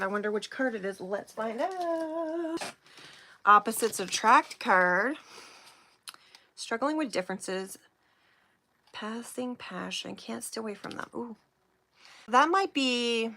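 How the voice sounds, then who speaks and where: A woman hosting a casual live stream, chatting and giggling with viewers while slowly reading out oracle card phrases. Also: medium pitch, bright, forceful tone.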